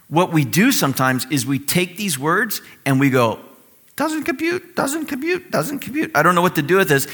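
A man preaching a sermon in a conversational, animated way, acting out the voices he quotes. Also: mid-range voice. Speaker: pastor.

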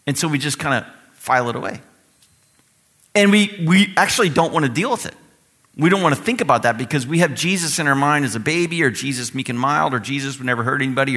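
A man preaching a sermon in a conversational, animated way, acting out the voices he quotes. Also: medium pitch. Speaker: pastor.

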